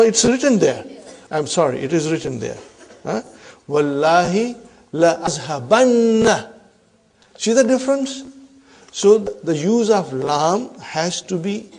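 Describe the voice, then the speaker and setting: A man teaching an Arabic grammar class, repeating example sentences slowly and often checking in with the students. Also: fairly high pitch, big pitch swings, vocal fry, a little mellow. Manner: checks in often with "huh?" and "are you with me".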